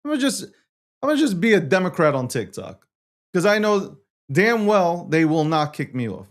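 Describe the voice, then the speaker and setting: Brief: young male host, fast profane rants, somewhat high voice, big swings in energy. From United States. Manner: loud, animated ranting with frequent cursing.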